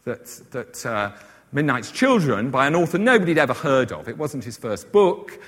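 Man, lecturer, chatty, rambling asides, mid pitch, long hall echo. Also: very animated, normal speed, husky. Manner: chatty, many fillers and asides. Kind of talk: informal literary lecture.

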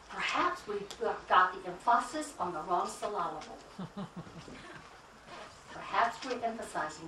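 A woman's voice: on the high side, bright, forceful tone, reverberant, distant mic, slight background noise, rough recording. A woman from the United States giving an emphatic conference talk, repeating key phrases and asking the audience questions. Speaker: keynote speaker at a conference.

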